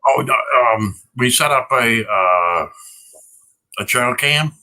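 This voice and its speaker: A podcast co-host in casual chat, laid-back and quick to laugh. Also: mid-range voice, expressive, bright, forceful tone.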